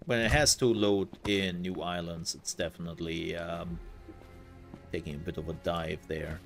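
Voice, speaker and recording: A man's voice: deep voice, steady tone, moderate pace, vocal fry, fairly bright tone, faint music behind. A man giving casual let's-play commentary, thinking aloud as he plays and trailing off into fillers. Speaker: gaming content creator.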